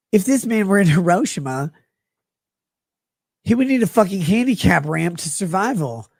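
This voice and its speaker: Drunk man rambling, husky, dry close sound, wild swings in pitch and loudness. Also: lively intonation, normal speed, long pauses, no room sound. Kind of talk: rambling stream monologue.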